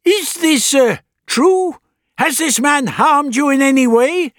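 A man voicing a stern elderly gentleman traveller who speaks in a loud, forceful, commanding way. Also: very high-pitched, slow, no room sound, studio quality, voice pushed up, heavily acted.

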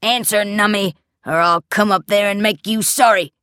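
A woman voicing a menacing, unhinged father whose voice swings from slow, eerie murmurs to bellowing rage in a dry, close recording. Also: sits low, animated, fairly bright tone, dry recording, full character voice.

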